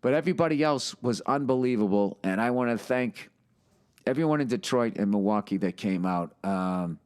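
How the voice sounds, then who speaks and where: A man's voice: mid-range voice, lively intonation, normal speed, darkish tone, smooth. A man who is a stand-up comedian, telling stories on a podcast in a blunt way full of swearing. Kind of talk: profane podcast storytelling.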